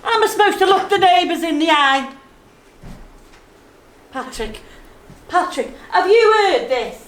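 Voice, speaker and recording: A woman's voice: extremely high pitch, expressive, measured pace, fairly bright tone, heavily acted. An actress with a Liverpool accent playing a fussy, devout mother who is easily flustered. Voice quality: fussy, exclaiming. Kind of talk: stage play acting. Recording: echoey stage with faint noise.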